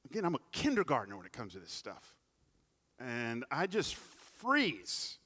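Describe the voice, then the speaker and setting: Bright-voiced man preaching a sermon. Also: huge pitch swings, a little slow, slightly rough. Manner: preaching with big swings in pitch and loudness; humorous, conversational asides. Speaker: pastor.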